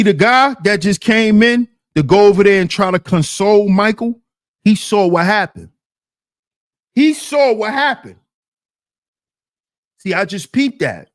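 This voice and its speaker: A man's voice: sits high, dry recording, clean studio sound. Emphatic man reacting to a clip. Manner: emphatic, repetitive, talks to the chat. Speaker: commentator.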